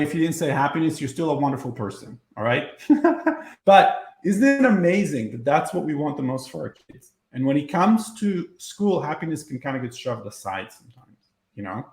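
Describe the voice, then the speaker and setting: A man who is an educator, leading a slow guided breathing and visualization exercise with soft counting and gentle invitations, then talking to webinar participants. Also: on the high side, reverberant.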